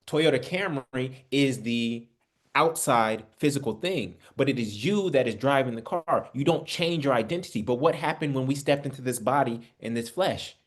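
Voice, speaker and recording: A man speaks expressively at a moderate pace in a mid-range voice. He teaches an online Bible study in a conversational preaching style, offering spiritual instruction, addressing listeners as family and asking them rhetorical questions.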